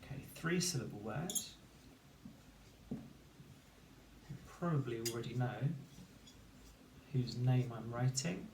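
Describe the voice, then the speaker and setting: A man teaching a phonics lesson to children, slowly and clearly sounding out each word syllable by syllable. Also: medium pitch, animated, background noise. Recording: roomy echo, distant mic, faint ambience.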